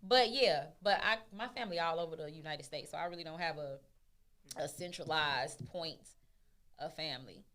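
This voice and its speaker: A woman's voice: deep voice, normal speed, sharp tone. A woman from the Midwest with a Texas accent, co-hosting a podcast in casual chat, emphatic and playful, repeating words for stress. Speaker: podcast co-host.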